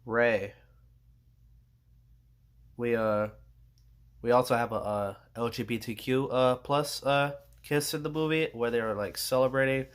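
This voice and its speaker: A man's voice: mid-range voice, fairly even intonation, unhurried, pauses often, smooth. A young man ranting casually about a movie he saw, rambling with many fillers and slang and sounding exasperated. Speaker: movie reviewer.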